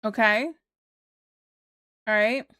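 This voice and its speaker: A woman's voice: a little high, fairly even intonation, extremely slow, bright, forceful tone, no echo. Giggly, rambling young woman streamer. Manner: giggly, rambling, full of "like" and restarts. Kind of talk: casual livestream chat.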